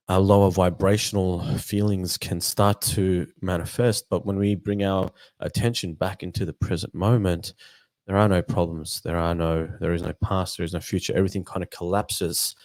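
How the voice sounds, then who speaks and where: Male host for a spiritual book discussion. Low voice, dry close sound, thoughtful and meandering delivery with halting restarts. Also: fairly even intonation, a little mellow, no room sound. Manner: thoughtful and meandering, with frequent "you know" and repeated words. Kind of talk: reflective spiritual book discussion, reading passages aloud.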